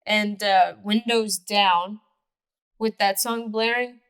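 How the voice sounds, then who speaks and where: A woman in her twenties co-hosting a podcast, chatting casually, laughing often and chiming in with quick agreement. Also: mid-range voice, fairly even intonation, a bit bright, clear, resonant tone. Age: 20s. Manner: laughs often, chimes in with short agreeing interjections. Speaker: podcast co-host. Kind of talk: casual chat.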